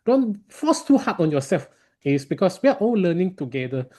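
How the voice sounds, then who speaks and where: A man leads an online speaking club session and gives evaluations. His voice is mellow and dark. He speaks politely, with halting, non-native phrasing, over a video call. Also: high voice, sing-song. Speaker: meeting chair and evaluator. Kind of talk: online club meeting hosting.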